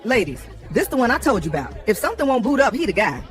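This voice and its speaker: A woman playing an admiring older woman who talks up a young man to her friends in a brisk, teasing way. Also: fairly high pitch, sing-song, soft background music.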